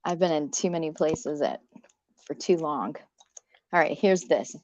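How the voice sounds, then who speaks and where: A woman hosting a casual chat, relaxed and laughing easily. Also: low-pitched, measured pace, no echo. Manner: relaxed, laughs easily, screen-sharing clips. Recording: dull muffled audio.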